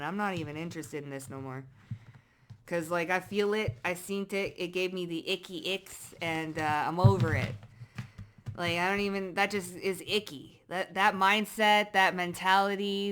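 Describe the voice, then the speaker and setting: A woman's voice: fairly low pitch, slight background noise. Blunt, profane woman tarot reader. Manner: blunt, profane, emphatic, slangy; swings between loud bursts and muttered asides. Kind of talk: casual tarot reading monologue.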